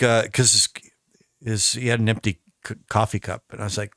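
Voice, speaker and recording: A man's voice: fairly low pitch, level tone, moderate pace, a bit bright, dry recording, studio quality. An American man chatting casually on a live stream, rambling through stories with lots of restarts. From United States. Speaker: musician streaming a recording session.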